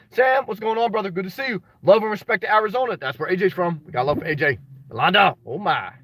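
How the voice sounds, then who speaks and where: Chatty high-voiced man on a livestream. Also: fast talker, slightly rough. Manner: greets viewers by name, rambling anecdotes, animated shouts. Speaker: vlogger reading live chat. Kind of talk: casual livestream chat.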